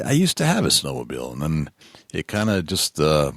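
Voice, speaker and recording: Very deep-voiced man hosting a podcast. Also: wildly swooping pitch, brisk, fairly bright tone, no room sound, studio quality. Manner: easygoing, rambling with restarts. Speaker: podcast host. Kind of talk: casual podcast chat. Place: home studio.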